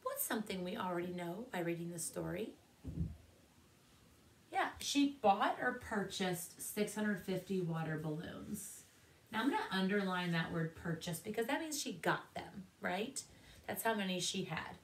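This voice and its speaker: A woman's voice: mid-range voice, animated, moderate pace. A woman teacher leading a math lesson for second graders, asking many questions in an encouraging way.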